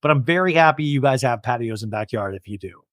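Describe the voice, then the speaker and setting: Lively, animated man recapping reality TV. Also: medium pitch, fast talker, no room sound, clean studio sound. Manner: animated, swears, acts out quotes. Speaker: podcast host.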